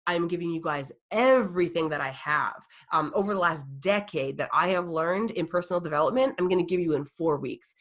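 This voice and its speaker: A woman life coach hosting a live webinar, gushing and excitable, full of fillers and "like". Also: lowish voice.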